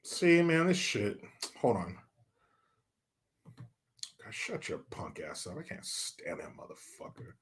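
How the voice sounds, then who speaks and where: Sarcastic husky-voiced commentary man. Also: on the low side, very animated, slow pace, long pauses. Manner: sarcastic, muttering, crude asides. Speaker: commentary host. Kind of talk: casual profane commentary.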